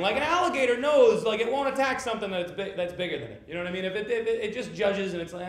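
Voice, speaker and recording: High-voiced comedian on an echoey stage. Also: male voice. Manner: rambling, halting, absurd deadpan storytelling. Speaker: stand-up comedian. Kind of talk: live stand-up set. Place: small theater stage before a live audience. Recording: echoey theater with audience laughter.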